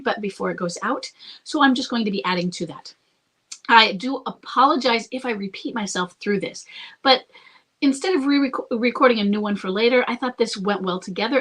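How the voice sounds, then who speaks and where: A woman's voice: fairly high pitch, fairly bright tone. A woman who coaches couples, talking through a listener's question about rebuilding a marriage. She speaks earnestly and reassuringly, often checks in with "okay?", and thinks aloud with restarts. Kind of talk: advice monologue to camera.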